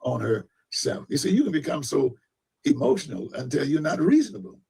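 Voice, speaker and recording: Gravelly, raspy-voiced older-sounding preacher man. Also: on the high side, very animated, a little fast, mellow. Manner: rambling, fond of big words. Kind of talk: preaching commentary.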